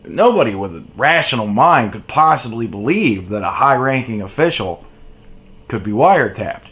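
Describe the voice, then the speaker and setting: A man's voice: mid-range voice, normal speed. A man hosting a political commentary video, ranting sarcastically and profanely over news clips. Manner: profane, mocking, animated rant.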